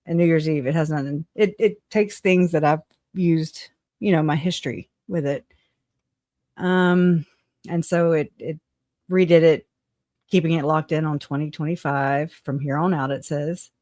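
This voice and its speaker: A woman's voice: low voice, steady tone, a little slow, a little mellow, dry recording, studio quality. A woman hosting a casual livestream, talking bluntly with swearing and frequent laughter between remarks. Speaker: livestream host.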